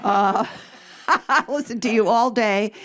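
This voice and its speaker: A woman's voice: fairly high pitch, takes it slowly, a bit bright. An older woman, a radio advice host answering audience questions at a live event, blunt and sarcastic, with casual swearing and punchy jokes. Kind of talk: live stage Q&A.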